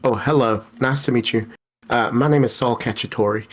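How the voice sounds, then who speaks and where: Man playing an eccentric traveler, slow, drawn-out, gushing, mid-pitched voice. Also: natural voice. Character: eccentric male traveler, effusive creature enthusiast.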